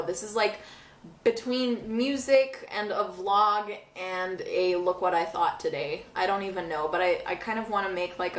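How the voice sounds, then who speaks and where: A young woman vlogging casually, rambling and laughing through tears. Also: medium pitch. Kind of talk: casual talk to camera. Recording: echoey room from a distance.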